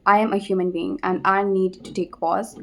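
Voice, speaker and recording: A young Indian-accented woman talks straight to her viewers in a loose, conversational vlog. Her voice sits at an ordinary middle pitch. She repeats phrases, pauses mid-thought and keeps checking in with a quick "okay?". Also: flat delivery, gravelly, soft background music. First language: Hindi. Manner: repetitive, conversational, frequent tag "okay?", pauses to think. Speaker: vlogger. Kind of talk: casual advice vlog.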